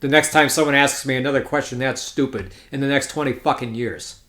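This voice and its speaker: A man's voice: medium pitch, fairly quick, fairly bright tone. A young adult man hosting a casual solo podcast, telling a story in a sardonic, profane, rambling way and correcting himself as he goes. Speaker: poker podcast host.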